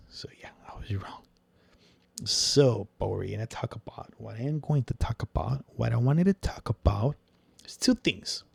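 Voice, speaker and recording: Young man, gravelly low voice, dry close sound, profane rambling rant. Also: a little mellow, no echo. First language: Spanish. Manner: profane, rambling, drops into whispered asides and Spanish slang. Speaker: podcast host. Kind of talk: casual opinion rant.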